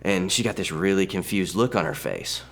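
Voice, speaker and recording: A man in his thirties sharing a personal testimony in a halting, conversational way, often restarting his sentences. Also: sits low, lively intonation. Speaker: church testimony speaker.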